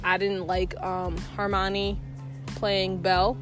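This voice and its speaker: An excitable young woman talks emphatically in a casual chat as a co-host and laughs easily. Her voice sits at a middle pitch. Music is clearly heard behind her. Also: takes it slowly.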